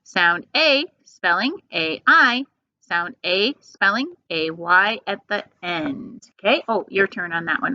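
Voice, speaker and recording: Slow, patient woman teaching phonics. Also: medium pitch, pushed and bright, dry recording. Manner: slow, patient, drawn-out sounds. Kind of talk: phonics lesson for young children. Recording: dull lo-fi sound.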